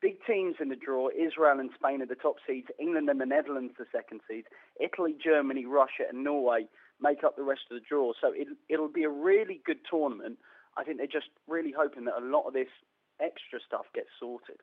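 A man's voice: medium pitch, big pitch swings, brisk. Man giving a report over a tinny phone line. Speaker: regular football correspondent. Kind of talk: phoned-in news update.

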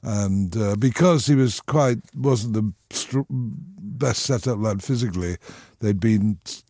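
Older man in his 60s, lowish dry voice, rambling anecdotal guest. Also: slow, mellow, dry recording. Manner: rambling, with frequent restarts. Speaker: radio guest. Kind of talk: anecdotal storytelling.

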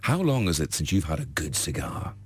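A man voicing a sultry blonde woman diver who speaks slowly and teasingly. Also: wildly swooping pitch, breathy edge, no room sound, full character voice. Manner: slow, low, teasing.

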